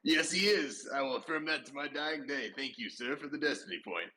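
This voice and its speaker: A man's voice: medium pitch, brisk, sharp tone, a little hiss or hum. A man playing a tabletop game in character, with a dry, joking way of talking. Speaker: player.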